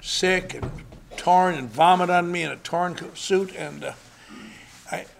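A man's voice: high-pitched, measured pace, vocal fry. An older man sharing his recovery story with dry, wry humor at a convention. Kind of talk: recovery meeting talk. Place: convention hall.

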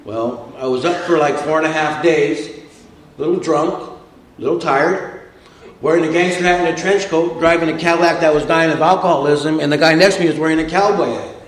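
A man's voice: a little high, steady tone, fairly quick, roomy sound, a little hiss or hum, low-quality recording. A man telling a humorous recovery story to a meeting audience, with a wisecracking, tough-guy delivery. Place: meeting room with a live audience.

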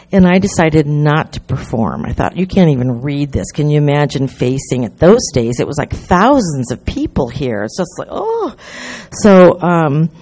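Low, mellow-voiced older woman telling her story. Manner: rambling, chatty, many restarts and fillers. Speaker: recovery conference speaker. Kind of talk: personal storytelling talk.

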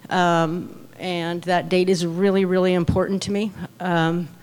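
A middle-aged woman, nervous about public speaking, sharing her recovery story with many pauses, ums and uhs. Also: fairly low pitch, little pitch movement, darkish tone, clear, resonant tone. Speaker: meeting speaker. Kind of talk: personal recovery share.

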